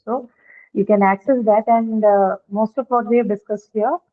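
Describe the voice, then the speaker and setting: A woman's voice: mid-range voice, fairly even intonation. Woman teacher over a tinny line. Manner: halting, many filler sounds, patient and checking in. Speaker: English teacher. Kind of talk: live online class on pronunciation. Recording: narrow phone-like online class audio.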